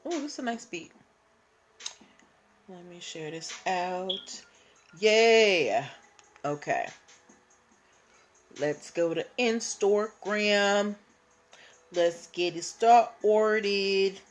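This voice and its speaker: A woman hosts a casual live stream. She takes her time, speaking at an unhurried pace. She chats freely and greets each viewer by name. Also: mid-range voice, animated. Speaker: livestream host.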